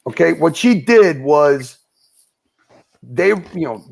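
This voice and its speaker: Man, livestream co-host, husky, very gravelly, profane rambling banter. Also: on the high side, animated, takes it slowly, a little mellow. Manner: rambling, swearing, laughing.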